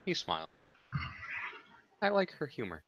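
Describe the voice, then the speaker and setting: A man's voice: medium pitch, wildly swooping pitch, unhurried, fairly bright tone, dull audio. A man playing a tabletop role-play game, switching between narrating and speaking in character. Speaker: tabletop player.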